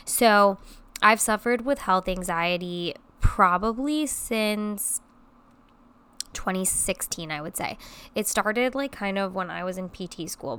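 A woman's voice: lowish voice, a bit bright, clear, resonant tone. A woman in her twenties hosting a solo podcast, talking casually and chattily with frequent ums, her voice a little congested. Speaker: podcast host.

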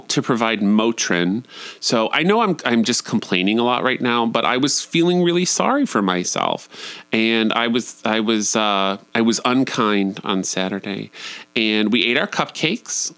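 A man telling a comic, confessional story about his own family life, switching into high voices when he quotes himself. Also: a bit bright, no room sound. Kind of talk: personal storytelling monologue.

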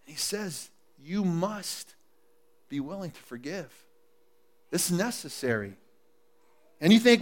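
Brief: male pastor preaching live in church, slightly high voice, hushed passages building to loud emphasis. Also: expressive, unhurried, pauses often. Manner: swings from hushed and intimate to loud and emphatic, coaxing the congregation. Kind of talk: sermon. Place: church service before a congregation. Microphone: live sermon recording.

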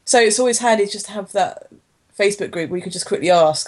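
A woman's voice: mid-range voice, brisk. Easygoing woman guest, hesitant. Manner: easygoing, hesitant, with fillers and soft laughs. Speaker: podcast guest, YouTuber. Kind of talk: casual podcast chat.

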